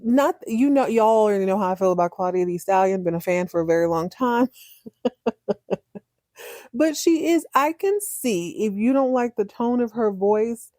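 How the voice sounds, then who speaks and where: A woman chatting casually as a podcast host, animated and acting out lines in different voices. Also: medium pitch, moderate pace, dry recording, studio quality. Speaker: podcast host recapping a TV drama. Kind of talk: casual chat.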